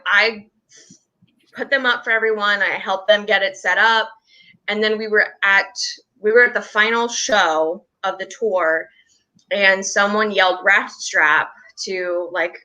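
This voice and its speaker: Bright-voiced young woman chatting. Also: medium pitch, poor audio. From West Virginia. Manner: rambling, restarts often, laughs between stories. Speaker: guest, member of a touring theater troupe. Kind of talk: casual interview chat.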